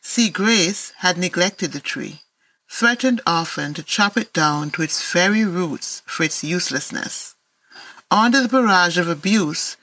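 A woman's voice: fairly low pitch, gravelly, a bit bright, low-quality recording. A woman from Antigua with an Antiguan accent, an author reading her own children's picture books aloud in lilting storybook narration.

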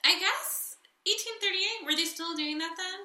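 Giggly bright-voiced woman podcaster. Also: extremely high pitch, moderate pace, roomy sound. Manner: giggly, rambling with many fillers. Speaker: podcast co-host. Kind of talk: casual chat.

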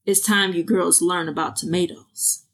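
A woman's voice: on the low side, fairly even intonation, normal speed, fairly bright tone, breathy edge, voice pushed down. A woman reading the lines of a stern old grandfather farmer, who speaks in a firm, declaring way in a storybook reading.

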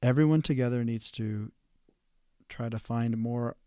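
A man, a therapist hosting a podcast, giving an instructional talk in a measured, halting way with fillers and restarts. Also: medium pitch, mellow, dry recording.

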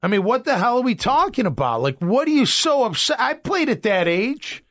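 High-pitched ranting sports talk man. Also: moderate pace. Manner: animated, exasperated ranting. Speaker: sports radio host.

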